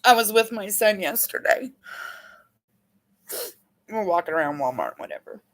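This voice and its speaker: A woman's voice: medium pitch, expressive, moderate pace, a bit bright. A middle-aged woman healing coach teaching in a casual, candid way, telling rambling, emotional stories from her own life.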